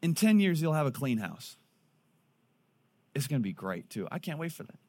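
A man in his thirties preaching a sermon in a conversational, animated way. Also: fairly high pitch, normal speed. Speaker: pastor.

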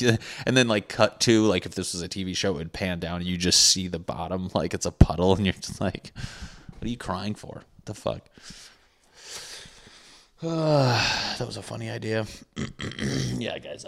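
A man's voice: deep voice, lively intonation, a little fast, gravelly. A young man talking casually as a podcast host, profane and sarcastic, mocking people in put-on voices. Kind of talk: casual rambling monologue.

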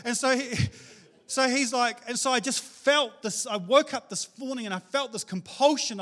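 A middle-aged man, preaching a sermon in a casual, animated storytelling way with slang. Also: high-pitched, normal speed. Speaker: pastor.

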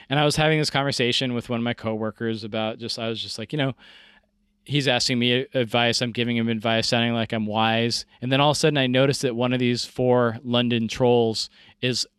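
A man's voice: medium pitch, fairly bright tone, smooth, dry recording. Casting: man, forties, rambling casual storyteller, dry close sound. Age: 40s. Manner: rambling, self-deprecating, many fillers.

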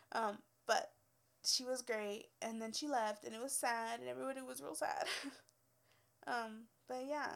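A woman's voice: on the high side, vocal fry. A young woman who is a former hairstylist, telling work stories in a casual, blunt, swearing rant and laughing often.

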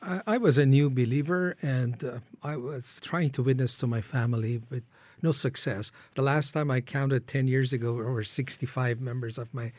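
A man's voice: medium pitch, normal speed, darkish tone, dry recording. A man from Iran, founder of a ministry, tells his life story as an interview guest, earnestly acting out his own prayers.

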